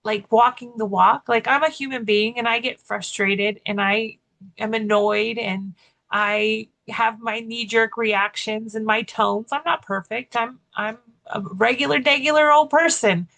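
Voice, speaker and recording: A woman's voice: on the high side, fairly even intonation, unhurried, creaky, a bit bright, rough recording. A woman co-hosting a podcast, telling a story in casual chat, full of fillers and restarts. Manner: chatty, many "like" fillers and restarts. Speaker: podcast co-host and keynote speaker.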